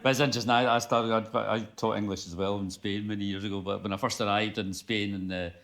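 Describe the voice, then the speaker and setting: Man, low voice, event chair, live Q&A, conversational, anecdotal. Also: steady tone, quick pace, fairly bright tone. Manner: conversational, fond of anecdotes, draws out questions. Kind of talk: chairing a festival Q&A. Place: live festival event, audience present.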